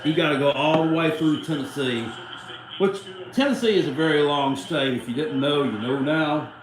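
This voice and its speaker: A man's voice: a little high, normal speed, reverberant, noisy background. A middle-aged man, hosting a live watchalong stream in a casual, rambling way and cussing freely. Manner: rambling, salty, cusses freely. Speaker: livestream host.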